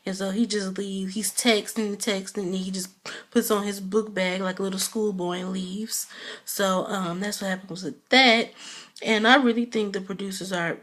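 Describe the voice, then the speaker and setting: A woman's voice: medium pitch, fairly even intonation, normal speed, fairly bright tone. A woman vlogger in casual chat, reviewing a show in a rambling, gossipy way full of fillers.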